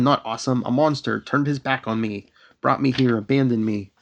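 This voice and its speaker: Podcast co-host, male, gravelly voice, animated comic recap, faint hiss. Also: mid-range voice, normal speed. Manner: animated, reads out character lines with shifting emphasis. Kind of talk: casual comic book recap chat.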